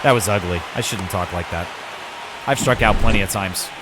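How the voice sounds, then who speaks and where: A man's voice: on the low side, normal speed, background noise. Man doing playful game play-by-play. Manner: mock broadcaster calls mixed with muttered asides. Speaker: gaming YouTuber. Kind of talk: video game play-by-play commentary.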